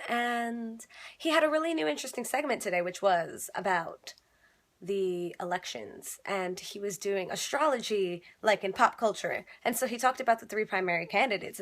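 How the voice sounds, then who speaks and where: A woman's voice: medium pitch, fairly bright tone. A woman comedian talking in a casual vlog from her bedroom, chatty and swearing freely, building up to passionate emphasis. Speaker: comedian vlogger. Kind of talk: casual bedtime vlog monologue.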